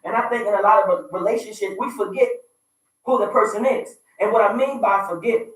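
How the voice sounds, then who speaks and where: A man in his thirties hosts a radio talk show, pressing opinionated relationship points emphatically and repetitively, sometimes raising his voice. His voice sits high with a steady tone and moves a little fast. The recording is very echoey, with a distant mic.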